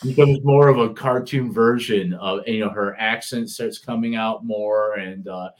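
Middle-aged man, Detroit accent, low voice, rambling casual podcast talk full of restarts. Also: steady tone, measured pace. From Detroit area, US. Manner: rambling, many restarts and fillers. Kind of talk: casual conversation.

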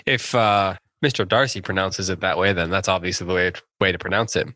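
A man hosting a casual book-club podcast, reading out listener questions in a relaxed, meandering way. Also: low voice, fairly quick, no echo.

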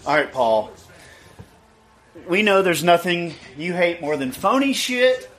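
A slightly high-voiced man co-hosting a casual football podcast from home. He talks fast and teases his co-host, breaking into laughs as he retells things. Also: big pitch swings, fairly bright tone, poor audio. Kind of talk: casual chat. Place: home studio, watching a game.

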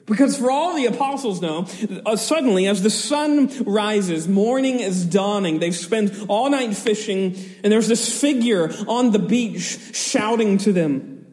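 A man's voice: sits high, a little slow, a little mellow, in a large hall. A man preaching an expository sermon, retelling a scripture story vividly with chuckling asides.

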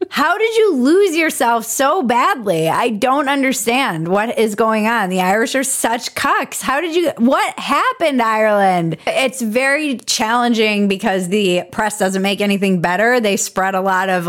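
Woman host, irreverent comedy commentary, fairly high voice, sarcastic. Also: fairly bright tone.

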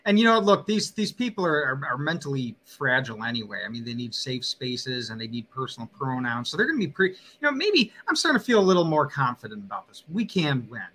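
A man's voice: medium pitch, big pitch swings, fast, hardly any pauses, bright, forceful tone. A man who used to teach history, a guest in a casual interview, speaking in a joking, fired-up, plain-spoken way.

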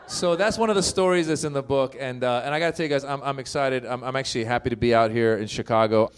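A middle-aged man from Iran doing a stand-up set at a live show, animated and acting out other people's voices in his stories. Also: medium pitch, noisy background. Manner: animated, acts out voices of others, quick punchlines. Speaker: stand-up comedian. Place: live comedy show with audience.

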